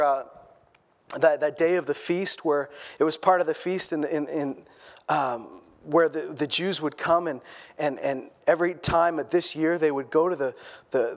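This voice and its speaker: A man delivers a sermon in a conversational way, often repeating a word before pressing on. His voice sits high for a man. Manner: conversational, repeats words while building a point. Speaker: pastor.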